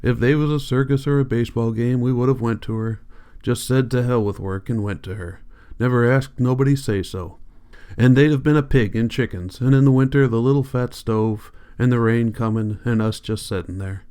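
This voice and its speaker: A man's voice: medium pitch, normal speed, dark tone, smooth, lightly acted. A man voicing an old one-handed ranch hand, grieving and fearful, with a sorrowful rural drawl. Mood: wistful.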